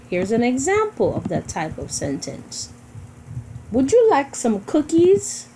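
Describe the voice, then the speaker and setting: A woman's voice: mid-range voice, dark tone, slight background noise, low-quality recording. A woman teacher giving a recorded grammar lesson, explaining patiently and repeating key points for her students.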